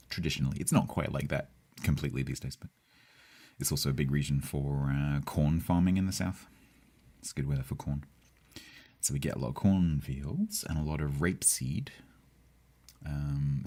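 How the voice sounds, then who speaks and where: Brief: game streamer, male, Southeast English accent, very low voice, chatty and rambling, reads chat aloud. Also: a little mellow. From Southeast England. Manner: rambling, chatty, with hesitations and laughs. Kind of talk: casual live-stream chat with viewers.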